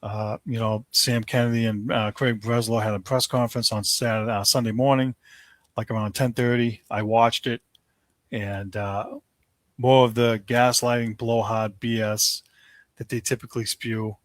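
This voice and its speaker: A man's voice: mid-range voice, flat delivery, normal speed, dry recording. A man hosting a sports talk podcast, giving opinionated commentary in a casual, ranting way with lots of fillers.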